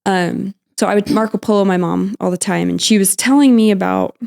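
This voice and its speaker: A young woman guest on a podcast, recounting her mother's hospital visit in a halting, emotional way, with many fillers and restarts. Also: medium pitch, fairly even intonation, gravelly, darkish tone. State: emotional, near tears at times. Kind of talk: emotional personal storytelling.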